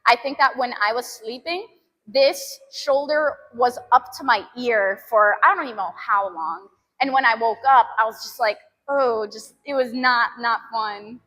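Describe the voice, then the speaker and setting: A woman in her twenties chats casually with her live viewers from the gym. She laughs often and groans at her sore muscles. Her voice is high and bright, with a long echo from the big room. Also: a little slow. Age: 20s. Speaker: fitness streamer.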